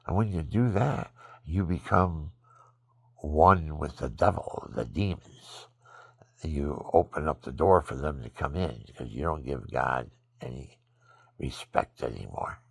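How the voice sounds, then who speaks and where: A sleepy, exhausted man rambling through a religious monologue into his phone at home, swinging from loud bursts to murmurs. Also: extremely low pitch, gravelly, breathy edge, no echo. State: sleepy, extremely tired. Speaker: vlogger.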